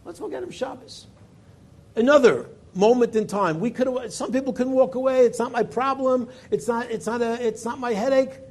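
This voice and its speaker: Husky rabbi with a high, animated voice, telling a story in a Torah class. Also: male voice, normal speed, hardly any pauses. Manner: animated storyteller, voice rising with emphasis and dropping low for quoted lines.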